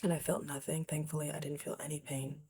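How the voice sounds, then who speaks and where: Low breathy woman vlogging, candid and reflective, drops to near whispers a lot. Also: flat delivery, fast, dark tone. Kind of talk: personal storytelling to camera.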